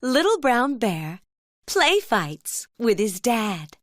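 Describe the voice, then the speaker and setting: A woman telling a children's cartoon story as narrator, in a gentle storybook manner. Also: a little high, very animated, takes it slowly, over loud music.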